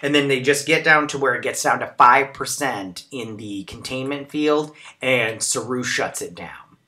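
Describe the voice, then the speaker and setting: A man's voice: medium pitch, measured pace, bright, forceful tone. A man hosting a casual episode recap and review, chatty and rambling with lots of fillers. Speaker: show recap host.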